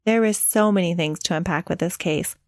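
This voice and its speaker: A woman's voice: lowish voice, fairly quick, darkish tone, dry recording, studio quality. A woman co-hosting a casual podcast, chatty and giggly, often tripping over her words. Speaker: podcast co-host.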